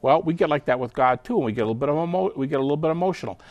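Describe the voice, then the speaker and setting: Animated man explaining in a dry, close recording. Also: fairly high pitch, rapid-fire, dry recording, dull audio. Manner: animated, acts out quoted voices. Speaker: interview guest. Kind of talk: explanatory interview talk.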